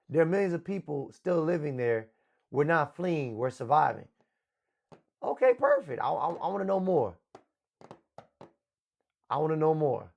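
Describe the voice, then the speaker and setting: Pitched fairly high with vocal fry, a man hosts a livestream talk show. His delivery is a loud, crude and boastful rant.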